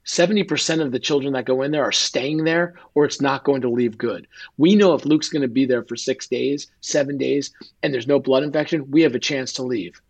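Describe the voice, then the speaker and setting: A man with a husky, slightly breathy voice speaks as an interview guest, telling a personal story with real feeling. He often slips into quoted dialogue as he retells what others said. His pitch sits in an ordinary middle range. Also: a little fast. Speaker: guest, author.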